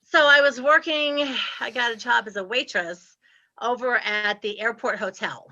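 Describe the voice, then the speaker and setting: A woman's voice: fairly high pitch, moderate pace. A woman, animatedly telling stories as an interview guest and laughing often. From Ohio, US Midwest. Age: 60s. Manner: animated, laughs often, acts out her past self. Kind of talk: casual storytelling interview. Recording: slightly muffled lo-fi audio.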